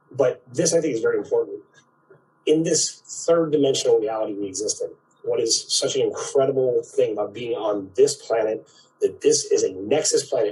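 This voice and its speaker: A man's voice: medium pitch, a little mellow, recorded from a distance, low-quality recording. A man giving a spiritual talk, who keeps checking in with "right?" and acts out quoted voices.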